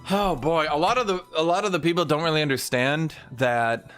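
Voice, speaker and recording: A man streaming a game and ranting casually about history, opinionated and profane, with quick mock voices for the countries he talks about. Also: a little high, fairly bright tone, soft background music. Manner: mimics historical nations in quick asides. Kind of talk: casual livestream rant while gaming.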